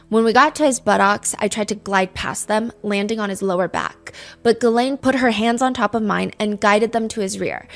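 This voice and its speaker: A woman hosting a true crime podcast, retelling a case and reading quotes aloud with blunt asides. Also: medium pitch. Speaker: podcast host.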